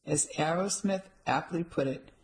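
A woman's voice: deep voice, normal speed, a little mellow. A woman voicing a witty, theatrical woman friend who talks wryly. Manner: theatrical, wry.

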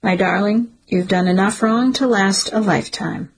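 A woman's voice: medium pitch, moderate pace, slightly rough, natural voice, low-quality recording. A woman voicing a stern, cold older father who speaks curtly and with contempt. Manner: curt, contemptuous, dismissive.

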